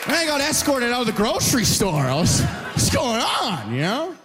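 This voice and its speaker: A man from Canada doing a stand-up comedy set on a club stage, telling a story with tag questions and shouting high impressions of the people in it. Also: very animated, brisk, music in the background, a crowd in the background.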